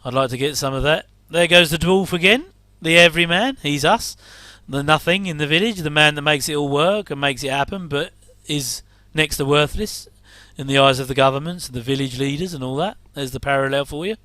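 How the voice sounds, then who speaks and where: A man's voice: on the high side, fairly quick, hardly any pauses, bright, forceful tone, no room sound. A middle-aged man giving rambling casual commentary while watching an old TV episode, with wry asides and chuckles.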